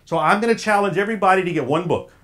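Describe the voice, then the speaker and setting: Folksy Southern man with a raised pitch. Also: racing, a bit bright. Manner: folksy, preacher-like, quizzing the audience. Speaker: speaker at an officials' association. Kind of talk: motivational talk.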